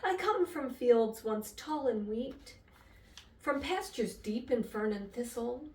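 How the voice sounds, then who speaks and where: A grandmother voicing Margalo, a soft gentle songbird. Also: fairly high pitch, slow pace, reverberant, recorded from a distance. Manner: soft, polite and calm. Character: small gentle female songbird, soft and musical.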